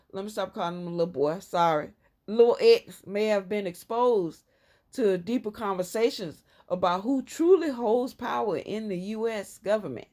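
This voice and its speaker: A woman with a Southern US accent giving a casual tarot reading, talking in an emphatic, rambling way that jumps up high and loud when she makes a point. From Southern United States. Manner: emphatic, rambling, frequent sudden jumps up in pitch and loudness. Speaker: tarot reader.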